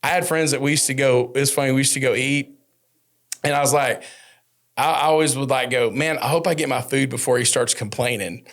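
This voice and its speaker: A man talks shop on a business podcast, mid-range in pitch and loose in delivery. He tells stories with energy and jumps up in pitch whenever he acts out what customers and friends said. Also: brisk. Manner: animated storyteller, acts out quotes with rising pitch. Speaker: podcast host. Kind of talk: casual business podcast chat.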